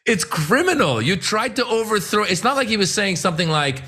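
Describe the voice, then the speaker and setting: A man's voice: high-pitched, very animated, a little fast, hardly any pauses, bright, forceful tone, breathy edge. A man co-hosting a political talk show, speaking emphatically and with exasperation, often acting out quotes. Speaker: co-host. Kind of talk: political commentary chat.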